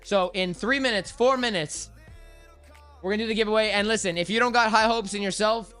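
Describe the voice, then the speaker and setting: A man's voice: high voice, a little fast, sharp tone, clear, resonant tone. A young man hosting a crypto trading livestream, chatty and hyped, talking straight to his chat while sounding tired. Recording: music playing faintly behind.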